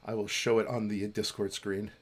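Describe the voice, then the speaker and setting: A man co-hosting a charity podcast livestream in casual chat, rambling and halting with many restarts and easy laughs. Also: on the low side, little pitch movement. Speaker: podcast co-host running a charity stream.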